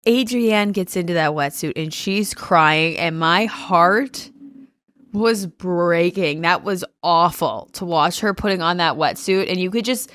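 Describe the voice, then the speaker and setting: A woman co-hosting a casual reality-TV recap podcast, emphatic and expressive, swearing freely. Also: lowish voice, unhurried, clear, resonant tone, no room sound, studio quality. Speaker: podcast co-host.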